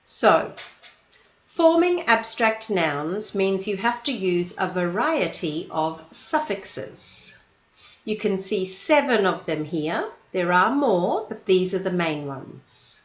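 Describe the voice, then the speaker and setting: Guru bahasa Inggris wanita yang lambat dan ekspresif, ruangan bergema. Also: female voice, medium pitch, very animated, echoey room, highs cut off. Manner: patient, stresses syllables deliberately. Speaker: English teacher. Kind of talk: slow, clear English lesson.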